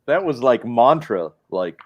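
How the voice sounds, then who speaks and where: A man talking as a livestream guest, animated and quoting himself and his toys in little voices. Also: medium pitch, unhurried, lo-fi sound. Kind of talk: casual livestream chat.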